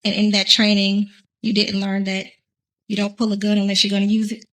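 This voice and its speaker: A woman's voice: mid-range voice, completely flat delivery, fairly quick. A woman prosecutor cross-examining a defendant and delivering a closing argument in a pointed, accusatory manner.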